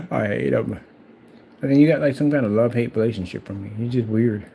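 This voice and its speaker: Male vlog host, gravelly and mellow, rambling and mocking. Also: medium pitch, a little hiss or hum. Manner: taunting, rambling and repetitive. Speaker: channel host. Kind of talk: casual trash-talking monologue.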